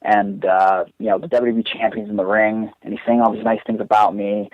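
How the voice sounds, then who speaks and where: A man's voice: lowish voice, level tone, brisk, no echo. A young man, a wrestler guest on a podcast, telling a long story casually with many restarts and fillers. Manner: rambling, lots of "like" and restarts. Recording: dull lo-fi podcast audio.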